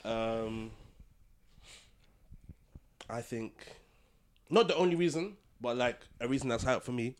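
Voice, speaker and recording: Male co-host, hesitant and reflective, average pitch. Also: expressive, measured pace, pauses often. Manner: hesitant, searching for words with many ums. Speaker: podcast co-host. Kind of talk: casual chat.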